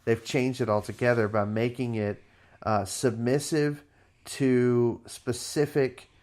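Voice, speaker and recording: Male co-host, casual, slangy storyteller, relaxed podcast delivery. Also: mid-range voice, takes it slowly. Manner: slangy, relaxed retelling of a film plot. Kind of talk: casual chat.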